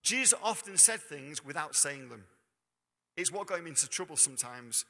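A man preaches at normal speed with lively intonation, his ringing, sharply bright voice slightly high yet gravelly. Conversational in tone, he puts questions to the congregation as the words hang in a church hall's long reverb.

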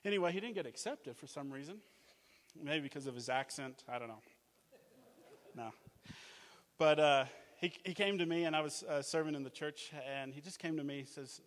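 Animated high-voiced man preaching. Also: brisk, big-room sound. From Australia. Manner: energetic, animated, jokey, acts out quotes. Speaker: guest preacher, mission leader. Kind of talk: sermon with storytelling. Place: church.

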